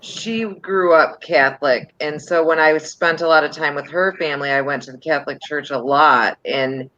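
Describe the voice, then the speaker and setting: A woman's voice: deep voice, fairly even intonation, moderate pace, fairly bright tone, lo-fi sound. A woman with a crackly, smoker's voice, talking earnestly in a casual group chat. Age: older.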